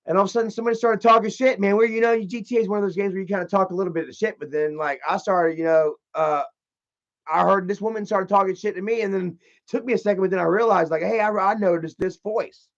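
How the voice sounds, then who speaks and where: Dude with a high voice cussing through a rambling story, muffled lo-fi sound. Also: male voice, steady tone, fast talker. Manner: profane, rambling, repeats himself. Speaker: channel host. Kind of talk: casual storytelling rant.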